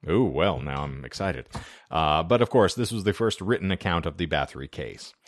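A man's voice: low voice, expressive, moderate pace, no room sound, clean studio sound. A man co-hosting a casual podcast, walking through his research notes in a wry, chatty way with lots of fillers. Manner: wry, conversational, with frequent fillers. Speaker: podcast co-host presenting the episode's research. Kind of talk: casual podcast history talk, partly read from notes. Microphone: remote call setup.

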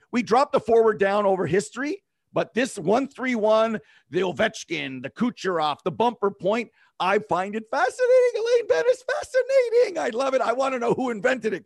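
A man's voice: high-pitched, vocal fry, no room sound, studio quality. A middle-aged man hosting a casual hockey podcast, talking with eager enthusiasm and frequent chuckles. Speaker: podcast host.

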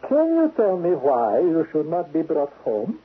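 Heard on a lo-fi, narrow-band 1970s radio drama, a man portrays an icy, menacing foreign spy chief, stern and sarcastic. His husky, slightly high voice swoops wildly in pitch at a measured pace, fully in character.

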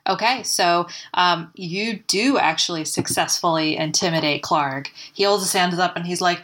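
A woman game master narrating a tabletop game in a loose, chatty way, full of fillers and laughter. Her voice sits slightly low. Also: normal speed, few pauses, fairly bright tone.

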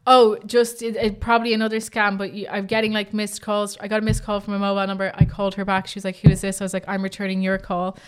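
A woman's voice: mid-range voice, flat delivery, fast talker, hardly any pauses, clear, resonant tone. A woman co-hosting a casual chat, telling anecdotes and acting out quotes. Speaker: podcast co-host.

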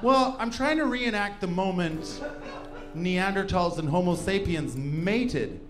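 Guy riffing nonsense and cracking up, high voice, guitar playing underneath. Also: expressive, takes it slowly. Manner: giggly, absurd, swears. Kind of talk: casual improvised banter. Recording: guitar music under the talk. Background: guitar music.

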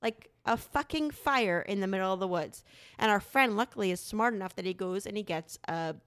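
A woman's voice: mid-range voice, brisk, clear, resonant tone. A woman in her thirties in casual chat with her husband, telling a story with lots of swearing. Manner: animated storytelling, frequent swearing. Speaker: podcast co-host.

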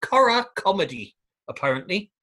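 Man, podcast co-host, husky, slightly high, chatty and laughing. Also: sing-song, normal speed, sharp tone. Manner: laughs often, jokey storytelling. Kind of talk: casual chat.

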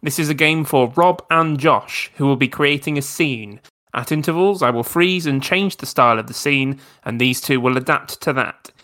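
A man's voice: medium pitch, moderate pace, pushed and bright. Man hosting an improv show. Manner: giggly, announcing games.

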